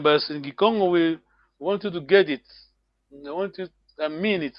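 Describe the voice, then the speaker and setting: A man's voice: fairly high pitch, normal speed, dry recording, highs cut off. A man teaching a language class online, encouraging students and repeating words often.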